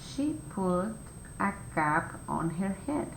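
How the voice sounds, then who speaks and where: Slow, patient woman teaching phonics. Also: very animated. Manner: slow, clear, patient step-by-step instructions. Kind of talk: phonics lesson for young children. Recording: echoey room with faint rumble.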